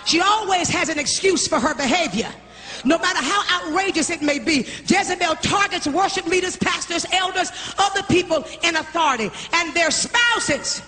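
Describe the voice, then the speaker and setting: A woman preacher delivers a fiery sermon in a church sanctuary, repeating her points and calling out the congregation. Her very high-pitched voice is bright and forceful at normal speed, recorded live with congregation noise.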